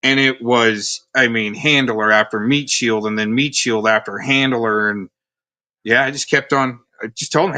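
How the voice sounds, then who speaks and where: A man's voice: mid-range voice, normal speed, sharp tone. A man hosting a livestream, ranting in a sarcastic, rambling, scornful way as he comments on a recording. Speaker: livestream host.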